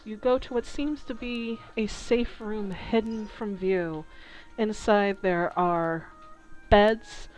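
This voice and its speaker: A woman narrates a tabletop game as dungeon master, taking her time with each scene. Her delivery is slow and descriptive, broken by small hesitations, over faint music. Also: medium pitch, fairly even intonation, darkish tone, rough recording.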